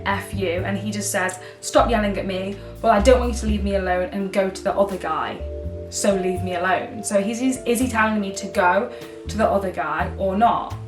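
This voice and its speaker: A woman's voice: medium pitch, echoey room, recorded from a distance. A young woman vlogging casually, chatty and dramatic, swinging between outrage and giggles. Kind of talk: casual vlog chat.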